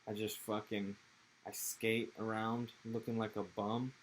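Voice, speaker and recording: A young man from Texas with an American accent talks in a rambling, laid-back way, full of casual slang and swearing. His voice sits low and barely moves in pitch. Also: flat delivery, a little slow, a little hiss or hum, poor audio. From Texas, USA. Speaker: interviewee. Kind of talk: casual interview chat.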